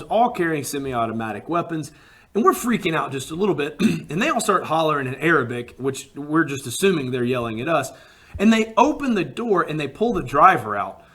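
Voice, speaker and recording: A man from Alabama, telling a personal travel story in a casual, animated way and acting out what people said. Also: fairly high pitch, breathy edge. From Alabama, USA. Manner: animated, acts out quotes with rising emphasis.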